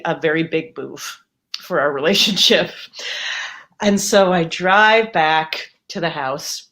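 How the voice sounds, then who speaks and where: A woman telling a personal story for a live storytelling show, conversational and animated, jumping up in pitch when she acts out quotes. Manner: conversational with fillers and self-interruptions.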